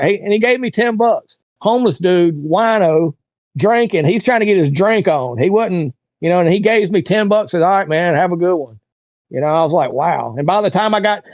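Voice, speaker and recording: A man's voice: fairly high pitch, no room sound. A man being interviewed, telling a long story in a loose, rambling way and acting out what other people said. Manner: rambling, acts out other people's lines in raised voices. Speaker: interview guest. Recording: dull, lo-fi, dry sound.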